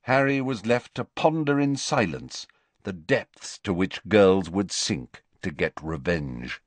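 A man narrating an audiobook with expressive, varied storytelling. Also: low-pitched, slow pace, dry recording. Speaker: audiobook reader.

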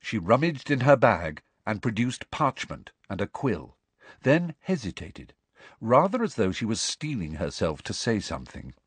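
Male narrator, expressive read, husky tone, dry close mic. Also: fairly low pitch, measured pace, no echo. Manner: expressive, voices every character. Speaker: audiobook narrator. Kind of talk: audiobook narration.

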